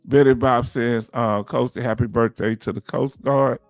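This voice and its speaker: A man's voice: mid-range voice, fairly even intonation, normal speed, no echo, soft background music. A man with a Southern US accent hosting a casual livestream, reading out viewer comments and laughing often. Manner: laughs often, loose conversational delivery. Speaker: livestream host.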